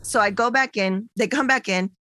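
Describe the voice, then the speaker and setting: Young woman, bright and close-miked, animated, cussing storyteller. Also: a little high, normal speed, no echo. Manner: animated, profane storytelling with quoted voices. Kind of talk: casual chat.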